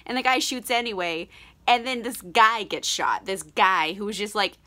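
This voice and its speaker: Tipsy woman reviewing a book, bright and sweary, laughing a lot. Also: mid-range voice, moderate pace. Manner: chatty, laughing, lots of swearing and "like". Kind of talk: casual book recap.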